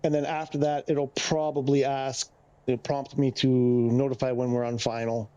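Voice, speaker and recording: A man's voice: medium pitch, little pitch movement, normal speed, warm tone, smooth, lo-fi sound. A man streaming a flight game, explaining the radio steps in a chatty, wandering way, talking into a headset mic. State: slightly winded. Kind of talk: casual gameplay commentary.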